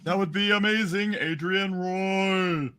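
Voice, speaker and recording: A man's voice: sits high, fairly even intonation, takes it slowly, pushed and bright, smooth. A man narrating a comic book aloud and playing with name puns. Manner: playful, punning over names.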